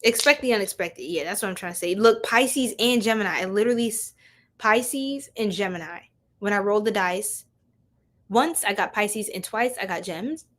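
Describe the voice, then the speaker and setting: A woman's voice: mid-range voice, expressive, normal speed, a bit bright. Laughing, slangy woman reading tarot. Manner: chatty, laughs often, slangy, talks straight to viewers. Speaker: tarot reader. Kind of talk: live-stream tarot reading.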